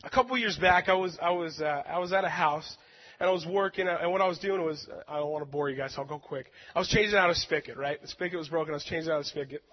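A man with a high voice preaches and tells a personal story, earnest and emotional, with self-deprecating humor. His words ring out with a long hall echo, and the sound is dull and lo-fi. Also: fast talker.

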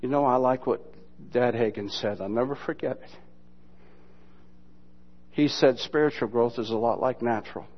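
A man preaching a sermon in a folksy, mocking, humorous way, mixing Bible lessons with sudden loud imitations. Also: mid-range voice, moderate pace, long pauses. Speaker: pastor. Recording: dull lo-fi sermon recording.

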